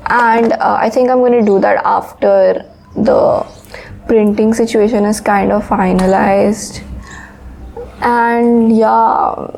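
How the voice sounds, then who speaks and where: Young woman, casual vlog, rambling and candid, gravelly fry, soft mellow tone. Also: fairly even intonation, slow, a little hiss or hum, rough recording. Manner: low-key and sleepy. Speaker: author and vlogger. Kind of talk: casual talking-to-camera vlog. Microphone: phone.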